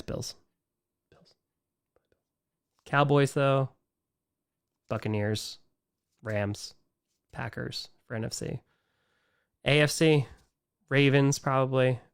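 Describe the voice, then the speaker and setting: A man's voice: mid-range voice, clear, resonant tone. Exasperated man ranting on a live stream. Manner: animated, exasperated, trails off and repeats himself.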